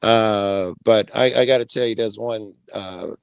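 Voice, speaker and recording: A low, gravelly-voiced man speaks haltingly on a panel, pausing on fillers. The sound is dry and close. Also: fairly even intonation, no echo. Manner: hesitant, lots of uh. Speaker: panel guest. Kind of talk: casual panel chat.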